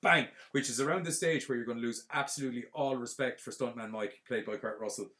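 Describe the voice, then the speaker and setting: A man, hosting a podcast and retelling a film plot in a casual, rambling, animated way full of fillers. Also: medium pitch, fast. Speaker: podcast host.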